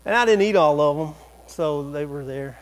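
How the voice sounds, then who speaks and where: A man with a high-pitched voice preaches from a church, telling a comic story about his family. He keeps it animated and jokey, with quick asides to the congregation. A low electrical hum sits under the recording. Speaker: pastor. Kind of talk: sermon storytelling. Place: church sanctuary.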